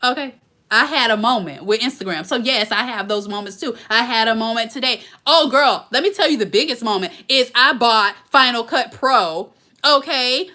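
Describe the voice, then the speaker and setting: A woman's voice: a little high, lively intonation, moderate pace, bright, forceful tone. A woman, hosting a casual live Q&A and talking emphatically straight to her viewers. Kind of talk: casual live-stream chat.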